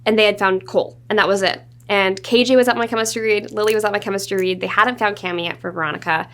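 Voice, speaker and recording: A woman's voice: mid-range voice, fast. A woman in her twenties, a guest in a studio interview, chatting casually and acting out little quotes as she tells stories. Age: 20s. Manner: animated storytelling with acted-out quotes. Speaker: actress guest.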